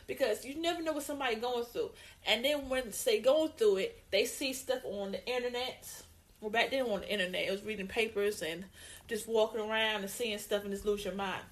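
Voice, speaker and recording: Woman, fairly high voice, emphatic, repeats herself, casual opinion chat. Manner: emphatic, repeats points, lively put-on greetings. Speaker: co-host.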